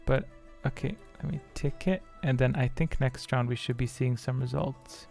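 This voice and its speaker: A man hosting a live-stream quiz, muttering to himself and grumbling at his software while he fixes settings. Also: medium pitch, steady tone, normal speed, creaky, soft background music. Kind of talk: casual live-stream chat.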